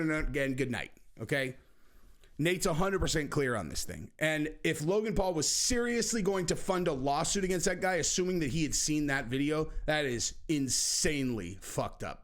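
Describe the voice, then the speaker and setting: A man's voice: on the high side, fairly bright tone. Sarcastic man ranting casually. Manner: sarcastic, acts out quotes with shifting voices. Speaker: commentator. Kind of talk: casual commentary vlog.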